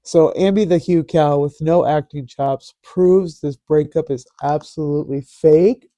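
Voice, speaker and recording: A man's voice: fairly high pitch, a little slow, mellow, dry recording. A man hosting a casual commentary vlog, reading posts aloud in a sarcastic, mocking way. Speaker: host.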